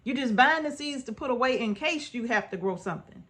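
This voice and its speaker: A woman's voice: fairly high pitch, lively intonation, a little fast, a bit bright. A woman homestead vlogger giving casual, earnest advice to her viewers, repeating her points and checking in with "right?". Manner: informal, folksy speech.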